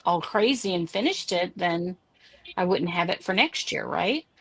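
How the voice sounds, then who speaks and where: Slow, rambling woman chatting casually. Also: lowish voice, animated, fairly bright tone, breathy edge. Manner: rambling, unhurried storytelling. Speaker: podcast host. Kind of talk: casual chat.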